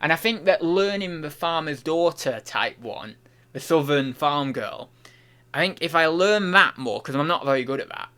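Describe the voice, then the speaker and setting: Bright-voiced man rambling on stream. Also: fairly high pitch, animated, normal speed, clean tone. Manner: rambling, thinking aloud, many restarts. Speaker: online reseller and streamer. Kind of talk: casual livestream chat while working.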